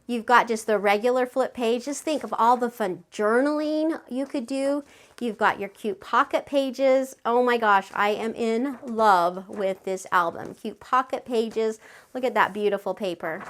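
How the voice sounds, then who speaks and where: A woman's voice: on the high side, measured pace. Gushing woman giving a craft tutorial. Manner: gushing, excitable; chatty, friendly instructions.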